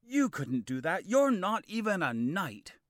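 A man's voice: a little high, big pitch swings, a little slow, dry recording, studio quality, voice pushed up. A man voicing Kay, a proud, hot-tempered young knight in a storybook reading, with a bossy, impatient manner. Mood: angry.

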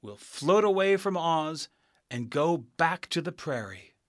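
A man voicing a kindly old balloonist wizard in a storybook reading, gentle and slow. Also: on the high side, lively intonation, no echo, clean studio sound, pitched above the performer's own voice.

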